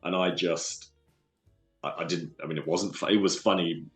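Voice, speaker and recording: Deep-voiced man with a London accent. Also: fairly even intonation, roomy sound, soft background music. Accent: London English. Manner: earnest, halting with restarts. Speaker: guest. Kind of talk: casual storytelling interview.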